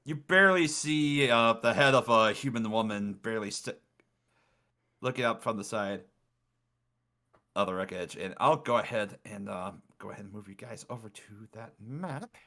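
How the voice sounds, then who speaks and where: A man's voice: lowish voice, normal speed. A man running a tabletop game as game master, narrating scenes and calling for rolls. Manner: relaxed, with fillers and restarts, reads boxed text.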